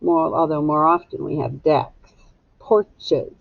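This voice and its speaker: A woman's voice: low voice, fairly even intonation, creaky, dry recording, lo-fi sound. A woman teacher dictating a spelling test to young students, sounding out each word syllable by syllable. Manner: slow, deliberate, sounds words out syllable by syllable.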